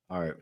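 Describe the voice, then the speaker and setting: A man's voice: no echo, highs cut off. A man hosting a livestream interview, earnest and talking to both his guest and his chat. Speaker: host.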